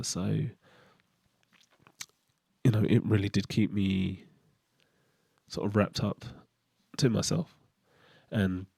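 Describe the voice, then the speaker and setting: Gravelly-voiced man, candid and hesitant. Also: low-pitched, darkish tone, dry recording, studio quality. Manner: candid, hesitant, with frequent fillers and restarts. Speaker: podcast host. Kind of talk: reflective personal monologue.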